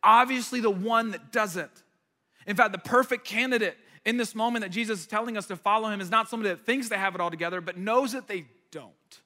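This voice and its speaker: A man preaching a sermon as pastor, conversational and animated, with repeated asides before a live audience. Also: sits high, fast. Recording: long hall reverb.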